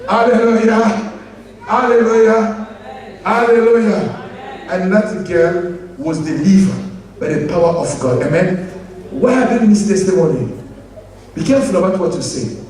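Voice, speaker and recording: A man's voice: high voice, lively intonation, normal speed, mellow. A man preaching a sermon to his church in emphatic, repetitive, non-standard English, asking the congregation to answer him. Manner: asks the congregation for responses. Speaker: pastor. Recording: very echoey room, mic at a distance.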